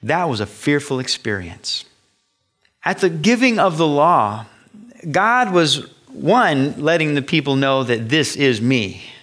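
A middle-aged male pastor preaching a sermon, animated and acting out the voices of the people he describes. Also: a little high, slow.

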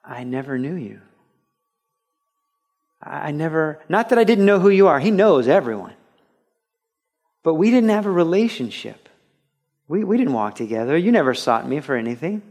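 Pastor, male, higher-pitched voice; earnest conversational sermon delivery that grows animated. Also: brisk. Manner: earnest, builds to animated storytelling with sudden louder bursts. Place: church, broadcast on radio.

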